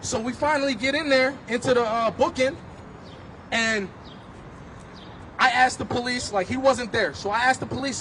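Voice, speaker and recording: A man giving impassioned personal testimony at an outdoor street rally, telling his story intensely and rising at times to shouts. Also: very high voice, normal speed, pauses often, a little hiss or hum.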